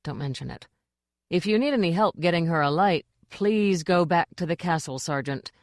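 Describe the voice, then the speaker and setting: A woman voicing a gentle, polite male king who was once a jester. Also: fairly low pitch, expressive, moderate pace, dry recording, studio quality. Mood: fretful. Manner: soft, polite, fretful.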